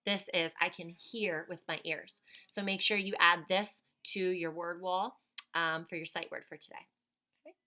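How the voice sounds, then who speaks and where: A woman's voice: fairly low pitch, fairly even intonation, normal speed, pushed and bright. A woman teacher giving a phonics lesson to young children, patiently sounding out words.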